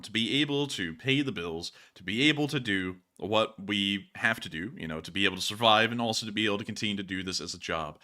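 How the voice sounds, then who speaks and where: Young man, bright voice, effusive thanks, livestream host. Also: fairly low pitch. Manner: effusively grateful, repetitive thanks. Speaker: channel host. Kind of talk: livestream donation reading.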